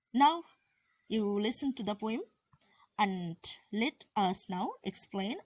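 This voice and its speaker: A woman's voice: mid-range voice, dry recording. A woman teacher explaining a poem to her students, hesitant, often restarting and correcting herself. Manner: hesitant, with fillers and self-corrections. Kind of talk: classroom lesson on a poem.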